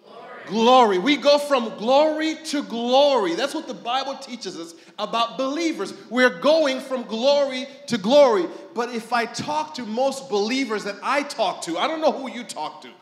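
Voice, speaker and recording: A man preaches with a strikingly high voice, acting out little stories and shouting to drive his points home. He is recorded in a church sanctuary where the sound rings with a long, roomy reverb. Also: moderate pace. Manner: animated storytelling, mimics people, shouts for emphasis. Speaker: pastor. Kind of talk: sermon. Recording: echoey church hall.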